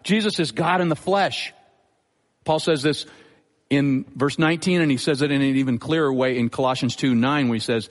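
A pastor preaching a sermon in a measured, teaching manner, repeating his key phrases for emphasis. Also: mid-range voice. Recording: long hall reverb.

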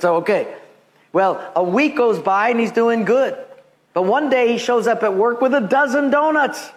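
A pastor with a very high-pitched voice preaches a sermon at a moderate pace in a church before a live congregation. He tells stories, animatedly acting out the voices and quotes of the people in them, and laughs along with the congregation.

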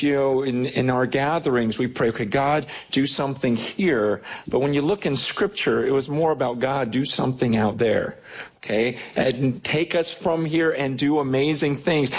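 A man preaching a sermon as pastor, animated and often repeating words as he builds up. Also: breathy edge. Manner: reads scripture slowly and low.

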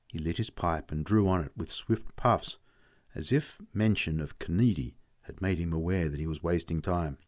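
A man narrates a story in a lowish voice. His telling is steady and reflective. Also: normal speed. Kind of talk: audiobook narration.

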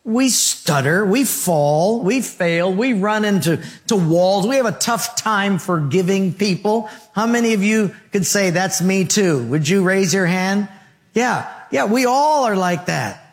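Male pastor, sermon, high voice, rhythmic rhyming lines. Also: animated, a little slow, in a large hall. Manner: rhythmic, rhyming phrases, asks the congregation questions.

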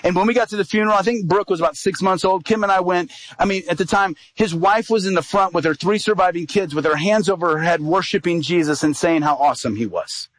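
A middle-aged male evangelist tells a story from the pulpit, slipping into the voices of the people in it. His voice sits a little high for a man. The sound is dry and close, with no room echo. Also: fast, few pauses. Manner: animated storyteller, acts out quoted dialogue. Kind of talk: sermon storytelling.

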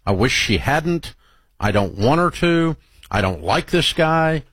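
A man hosting a call-in advice show, blunt and emphatic, dropping low and slow when he lays down firm advice. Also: sing-song, fairly bright tone, breathy edge, no echo. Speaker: radio call-in show host. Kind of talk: advice talk show and read ad.

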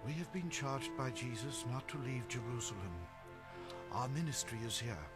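Man voicing a steady apostle, mid-pitched voice, grave and solemn, radio drama. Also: moderate pace, over music, lightly acted. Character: calm, steady male apostle leader.

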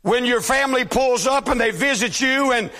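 High-pitched preacher man in a reverberant hall. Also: normal speed. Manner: shouting, emphatic preaching. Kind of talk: sermon.

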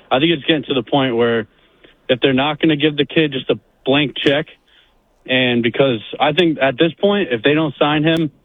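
A man's voice: on the high side, no room sound. A male radio caller with a mid-range voice, pressing his point with strong, emphatic opinions. His voice comes through a thin, tinny phone line. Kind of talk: call-in radio.

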